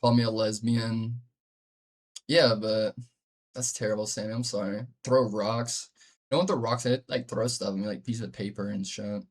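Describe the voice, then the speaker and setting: A young man streaming, telling stories in a loose, profane, animated way. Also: on the low side, moderate pace. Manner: profane, animated storytelling, frequent "bro". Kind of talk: casual live-stream chat.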